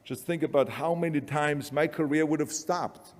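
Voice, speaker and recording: Older austrian guy giving a pep talk, pretty high voice for a man, blunt and emphatic, hall reverb. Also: moderate pace. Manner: emphatic, blunt, repetitive urging. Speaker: motivational speaker. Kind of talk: motivational speech.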